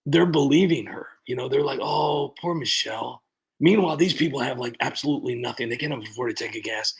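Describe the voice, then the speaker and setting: Gravelly, husky man ranting on a livestream. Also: mid-range voice, rough recording. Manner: rambling, halting, with many restarts and sighs. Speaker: livestream host. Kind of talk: casual livestream rant and chat greetings.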